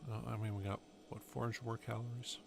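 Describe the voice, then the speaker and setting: A man's voice: on the low side, level tone, brisk, vocal fry, noisy background. A man, streaming a game and telling meandering stories full of fillers and restarts. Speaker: gaming streamer. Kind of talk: rambling casual storytelling over gameplay.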